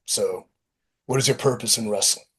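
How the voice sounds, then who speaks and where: A man being interviewed as a pro wrestler guest, talking in a blunt, profane, lively storytelling way. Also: medium pitch, moderate pace, breathy edge. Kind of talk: casual interview talk.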